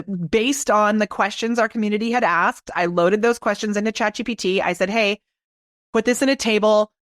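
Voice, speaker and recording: A woman's voice: medium pitch, a bit bright, no echo, studio quality. Upbeat woman guest on a podcast. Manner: enthusiastic, quick storytelling. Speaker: guest, video marketing expert. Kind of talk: casual podcast chat.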